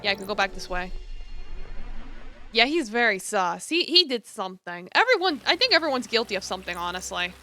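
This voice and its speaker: A woman's voice: mid-range voice, sing-song, fairly quick, sharp tone, soft background music. A woman streaming a game, reading its dialogue aloud and adding casual, swearing asides.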